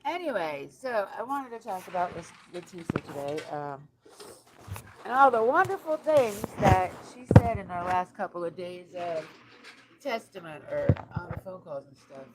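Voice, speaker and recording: A woman's voice: fairly low pitch, expressive, moderate pace. A woman streaming casual chat while she decorates cakes, talking bluntly and swearing often, sounding exasperated. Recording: noisy home recording.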